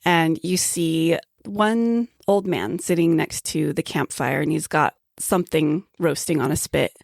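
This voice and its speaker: Gravelly low-voiced woman game master. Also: a little slow, no room sound, clean studio sound. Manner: descriptive, laughs easily. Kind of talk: narrating a tabletop game.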